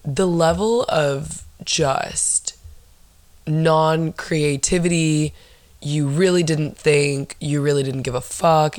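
A young woman in her twenties hosting a solo podcast, telling stories in a blunt, profane, animated way. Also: deep voice, moderate pace, no room sound. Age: 20s. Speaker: podcast host. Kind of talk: casual solo chat.

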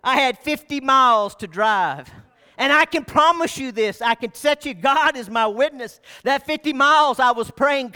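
A man preaching a sermon as pastor, shouting at the peaks and dropping to quiet, low asides. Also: normal speed, smooth. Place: church sanctuary.

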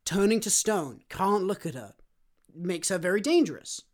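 A man co-hosting a casual podcast chat, excitable and rambling, full of fillers. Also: sits high, normal speed. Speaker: podcast co-host.

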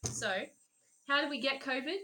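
A woman's voice: sits high, moderate pace, sharp tone, slight background noise. A young woman co-hosting a podcast in casual chat, giggly and swearing, jumping between jokes. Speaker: podcast co-host. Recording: echoey room.

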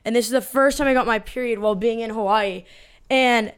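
Animated, foul-mouthed young woman storyteller. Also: on the high side, a little fast, smooth. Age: 20s. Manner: animated, swears a lot, acts out quotes. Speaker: podcast co-host. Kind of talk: casual storytelling.

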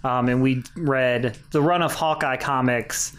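A man's voice: mid-range voice, fairly even intonation, measured pace, a bit bright. A man co-hosting a podcast, talking casually and hesitantly with frequent restarts and chuckles. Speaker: podcast co-host. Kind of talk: casual chat.

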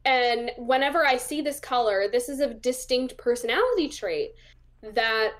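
A woman's voice: a little high, animated, normal speed, noisy background. A young woman talking as an interview guest, chatty and casual, with lots of fillers as she acts out the voices in her stories. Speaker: interview guest, psychic medium.

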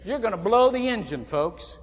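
A man from Indiana preaching a sermon as pastor, folksy and animated, with sudden loud outbursts. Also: high-pitched, normal speed. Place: church sanctuary. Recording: long church reverb.

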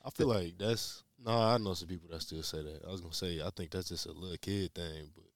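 A young man, talking in a laid-back, halting way full of fillers in a casual podcast chat. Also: sits low, dry recording, studio quality. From Memphis, USA.

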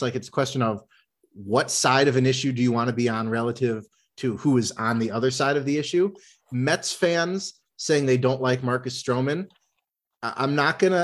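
Man with a middle-pitched voice, wry and deadpan, sports show host. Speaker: podcast host. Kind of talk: casual sports talk.

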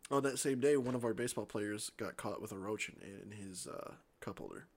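A man's voice: on the low side, a little fast. A young man co-hosting a podcast, telling a story in a casual, profane, laughing way. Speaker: podcast co-host.

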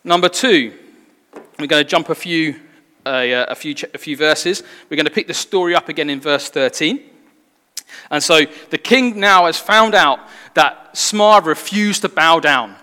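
A man's voice: a little high, a little slow, bright, forceful tone. A man preaching a sermon in an earnest, conversational way that draws in the congregation. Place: church hall. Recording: long reverb in a hall.

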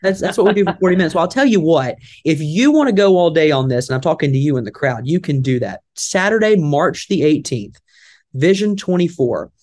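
A man's voice: on the high side, lively intonation, brisk, a little mellow. A man with a Southern American accent hosting a talk show, rambling and folksy, pushing into upbeat promo patter. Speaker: radio show host. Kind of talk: talk radio chat and event promo.

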